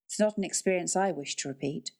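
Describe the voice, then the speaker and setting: Woman doing a grave woman caretaker, low and serious. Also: quick pace, darkish tone, lightly acted.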